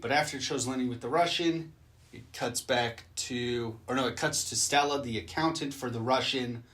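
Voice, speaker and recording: A man's voice: mid-range voice, normal speed, a bit bright. A man recapping a movie he just watched and reacting to it in casual chat, loose and rambling, with plenty of swearing.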